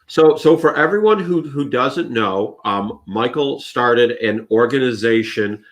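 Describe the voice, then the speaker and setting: A man's voice: medium pitch, expressive, measured pace. A man hosting a live interview, asking searching questions and affirming briefly. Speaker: host.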